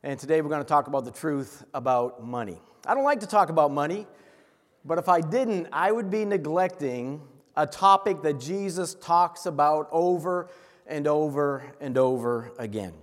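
A pastor from Massachusetts preaching a sermon to his congregation, earnest and quick, slowing down to stress key words. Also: on the high side, animated, big-room sound. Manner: earnest, with quick asides and slow emphatic stresses.

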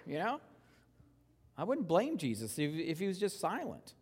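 A male pastor delivers a sermon in a chatty, conversational tone, swinging from loud, pressing rhetorical questions down to hushed, reverent lines. His voice sits a little high for a man. A long reverb from a large hall trails after every phrase. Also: sing-song, normal speed, slightly rough.

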